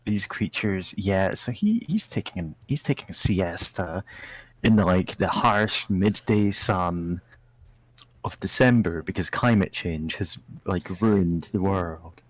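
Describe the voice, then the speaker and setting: A man's voice: low voice, slow pace, no room sound, low-quality recording. A man narrating a tabletop role-playing game as game master, improvising with rambling, hesitant phrasing. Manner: rambling, hesitant, many fillers.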